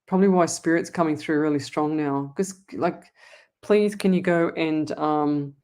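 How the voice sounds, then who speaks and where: A woman's voice: deep voice, fairly even intonation, normal speed, a little mellow. An Australian woman hosting a live psychic stream, chatting to viewers in a rambling, affectionate way. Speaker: psychic medium host. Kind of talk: casual live-stream chat.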